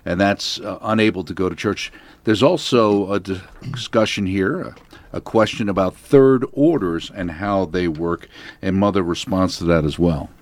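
A man co-hosting a talk show, discussing a recorded segment in a measured, conversational way. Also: low voice. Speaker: co-host.

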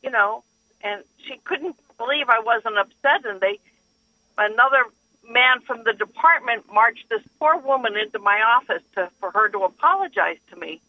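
A woman's voice: fairly high pitch, lively intonation, moderate pace, no echo. A woman calling in to a radio show, telling her story in an earnest way. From northeastern Pennsylvania. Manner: earnest storyteller, acts out quoted lines. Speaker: caller. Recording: dull phone line.

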